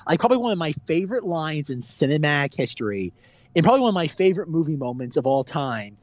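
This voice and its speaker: A man's voice: on the high side, big pitch swings, fast, no echo. Film podcast guy, hammers his point, fillers everywhere, kinda dull mic sound. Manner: emphatic, repeats points, many fillers. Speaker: podcast co-host. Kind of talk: casual film discussion.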